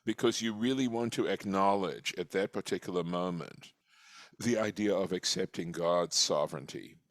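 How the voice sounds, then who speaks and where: A man teaching a study class, explaining slowly and reflectively, often restarting his sentences. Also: sits low, no room sound. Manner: reflective and patient, with frequent restarts. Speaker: teacher leading a weekly text study class.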